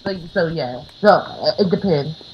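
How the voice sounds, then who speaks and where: A woman's voice: low-pitched, unhurried, lo-fi sound. A woman co-host speaking bluntly in casual chat. She cusses and laughs easily. Faint background noise runs behind her voice. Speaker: podcast co-host.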